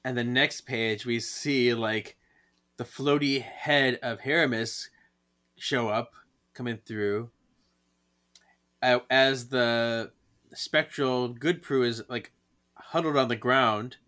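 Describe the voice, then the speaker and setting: A man co-hosting a podcast, retelling a comic in casual chat, relaxed and hesitant with drawn-out fillers. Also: mid-range voice. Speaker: podcast co-host.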